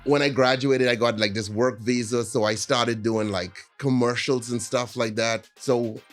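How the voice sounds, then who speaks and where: A man's voice: medium pitch, fairly even intonation, normal speed, soft background music. A man, a podcast guest, telling rambling stories in casual chat and often checking in with his listeners.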